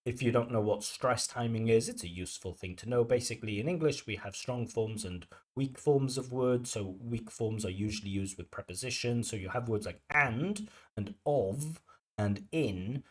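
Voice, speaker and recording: Male examiner, conversational commentary, relaxed explanatory delivery. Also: medium pitch. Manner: explanatory, chatty, many "you know" fillers. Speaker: IELTS examiner giving feedback. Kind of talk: commentary on a recorded speaking test.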